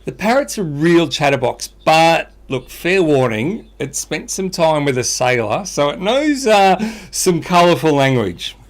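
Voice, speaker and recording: A man's voice: fairly high pitch, sing-song, measured pace, hardly any pauses. Frank aussie pet-shop owner, played by a man in a joke, plain casual voice. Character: chatty male pet store owner.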